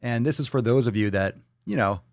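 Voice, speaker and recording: A man's voice: medium pitch, a little fast, a little mellow, dry recording, studio quality. A man hosting a casual live stream, reading viewer comments and talking in a loose, profane, joking way, now and then slipping into silly voices. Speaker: livestream host reading chat. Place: Florida.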